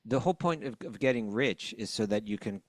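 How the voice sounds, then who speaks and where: A man hosting a casual spiritual discussion podcast, relaxed and joking, who repeats the key phrases he likes. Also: fairly low pitch, a little fast, dry recording, clean studio sound. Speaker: podcast host.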